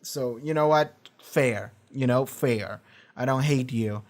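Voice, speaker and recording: A man talks through a show in loose reaction commentary, his voice sitting in an ordinary middle pitch. He swears freely and trips over restarts as he rambles from his home streaming setup. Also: slow. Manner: animated, profane, rambling with restarts.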